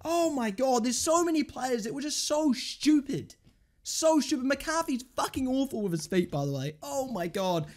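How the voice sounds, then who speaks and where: A woman fan tears into her team's management in an angry, swearing rant. Her voice sits a little high for a woman and swings widely up and down as she goes from stunned disbelief to shouting. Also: lively intonation, moderate pace. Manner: exasperated, swearing, ranting. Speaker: football fan channel host.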